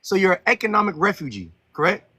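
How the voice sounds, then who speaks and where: A man hosting a heated live-stream debate, talking aggressively, interrupting and ranting loudly. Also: high voice, big pitch swings, quick pace, husky, no echo, rough recording. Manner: aggressive, interrupting, loud rants. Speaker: host.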